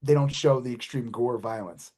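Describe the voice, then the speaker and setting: Mellow low-key guy chatting movies on a podcast, swears a lot, trails off. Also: moderate pace, slightly rough. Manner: loose, swears casually, trails off mid-sentence. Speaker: podcast co-host. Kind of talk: casual movie chat.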